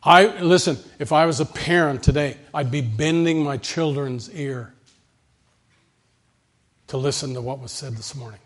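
Husky male preacher. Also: on the high side, a little slow. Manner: emphatic, repetitive preaching cadence. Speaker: pastor. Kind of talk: sermon.

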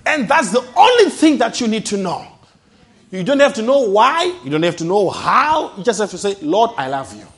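Fervent preacher with a higher male voice. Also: very animated, moderate pace. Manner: emphatic, swinging between loud declarations and soft low asides. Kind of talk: sermon.

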